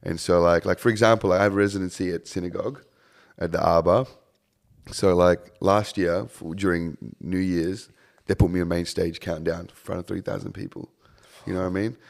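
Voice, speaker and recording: Low-voiced young man. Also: flat delivery, moderate pace, gravelly. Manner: swears a lot, acts out crowd scenes loudly. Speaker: touring DJ guest. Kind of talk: casual podcast chat.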